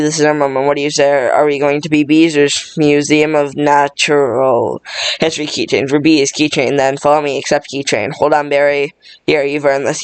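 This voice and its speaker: A man racing through a full movie script read-through in a monotone, tripping over words and restarting lines. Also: on the high side, smooth, no room sound.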